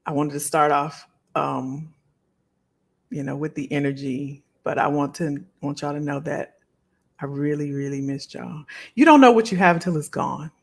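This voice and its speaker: A woman's voice: low voice, moderate pace, gravelly. A middle-aged woman hosting a live stream, chatting casually and heartfelt with her viewers and often repeating phrases. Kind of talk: casual chat to a live audience.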